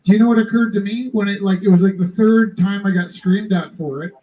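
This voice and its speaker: A man hosting a live art auction, telling rambling personal stories to the audience in an animated, self-interrupting way. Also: high voice, fairly quick, muffled recording, a little hiss or hum. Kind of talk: casual storytelling to a live audience.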